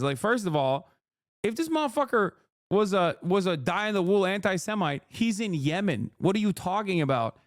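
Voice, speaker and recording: A man's voice: high-pitched, sing-song, moderate pace, no room sound, clean studio sound. A man in his thirties streaming a reaction, ranting heatedly with profanity and sarcastic mimicry. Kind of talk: livestream reaction commentary.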